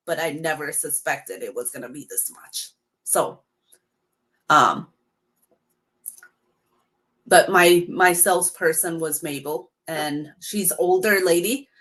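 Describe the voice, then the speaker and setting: A woman's voice: lowish voice, fairly bright tone. A woman telling her story in a casual live stream, quoting the people she dealt with. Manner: emphatic, recounts dialogue in quotes. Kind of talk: casual spoken testimony.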